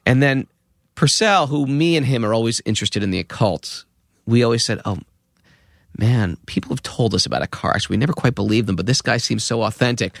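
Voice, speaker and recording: A man in his fifties, a podcast guest, telling an anecdote with lively acted-out quotes. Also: medium pitch, brisk, creaky, dry recording, clean studio sound. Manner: lively storyteller acting out quoted voices. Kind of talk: anecdotal storytelling.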